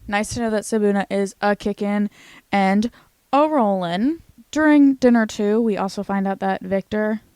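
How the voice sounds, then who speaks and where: A young woman talks through a teen show recap with chatty, animated energy and the odd curse. Her voice sits at an ordinary middle pitch. The sound is dry and close, with no room around it. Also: normal speed, clean tone, no room sound. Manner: chatty, animated, swears casually. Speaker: recap vlogger. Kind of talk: casual TV recap commentary.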